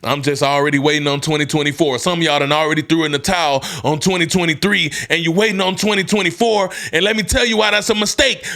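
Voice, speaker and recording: Animated, bright-voiced man telling a hyped story. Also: fast talker, hardly any pauses, soft background music. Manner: animated, swings from hyped shouts to low somber tones. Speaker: podcast host. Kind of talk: motivational storytelling.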